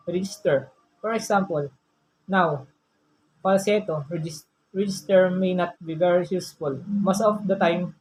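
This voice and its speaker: Mid-pitched speaker explaining voice stuff, excited and chatty, switches register to show examples, faint hum behind. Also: poor audio. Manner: demonstrates registers and pitch shifts by voicing examples. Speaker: speaker on voice use. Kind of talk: presentation on speaking voice.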